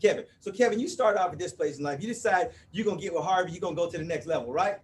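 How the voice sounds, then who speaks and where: A man of about fifty gives a live motivational talk to an audience in an event room, playful and chatty, bantering with the crowd and often asking "you with me?". His high-sitting voice races along, picked up by a distant mic with slight background noise.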